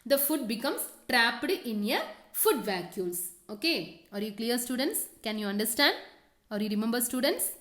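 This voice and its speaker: A woman teacher with a fairly high voice leads a science lesson. She repeats her questions and key words, fills the gaps with "okay," and keeps telling students what to underline and draw. The sound is echoey, as if recorded in a roomy space. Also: animated, moderate pace, a bit bright. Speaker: school teacher.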